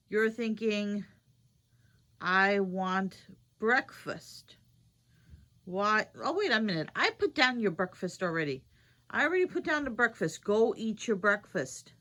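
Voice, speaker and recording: A woman's voice: mid-range voice, a bit bright, no room sound. A woman, rambling and repeating herself as she chats to the camera in a casual vlog. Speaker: vlogger. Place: at home, then in her car.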